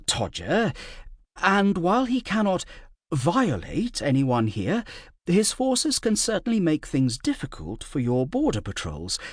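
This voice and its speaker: A man's voice: a little high, no echo, clean studio sound, voice pushed up, heavily acted. A man doing a hesitant, delicate court advisor woman. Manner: hesitant, halting, careful diplomatic phrasing. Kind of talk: audiobook character voice.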